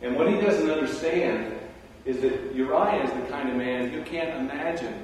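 A man delivers a sermon in a loose, conversational storytelling manner, tossing in animated asides. His voice rings through a large, echoing hall with a long tail of reverb. The mic sits well back from him. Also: mid-range voice, normal speed, slight background noise. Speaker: preacher. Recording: roomy hall, distant mic.

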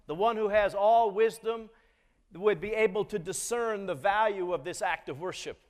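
A man preaching a sermon in a measured way, often putting questions to the congregation. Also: high-pitched, in a large hall. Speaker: pastor.

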